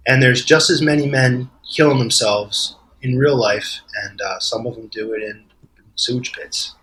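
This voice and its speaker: A man's voice: medium pitch, moderate pace, a bit bright, a little hiss or hum, rough recording. Rambling man with a New Jersey accent. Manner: rambling storyteller, laughs easily. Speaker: author guest. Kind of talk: casual podcast chat.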